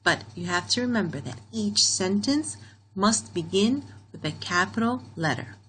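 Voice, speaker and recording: A woman's voice: medium pitch, expressive, moderate pace, a bit bright, slight background noise, rough recording. A woman teaching a grammar lesson to young learners, patiently repeating key points and checking in with "okay?" as she goes.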